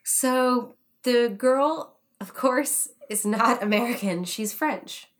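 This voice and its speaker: A young woman telling a funny story in casual chat, animated, swearing, acting out the people she quotes. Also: a little high, takes it slowly. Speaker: podcast guest.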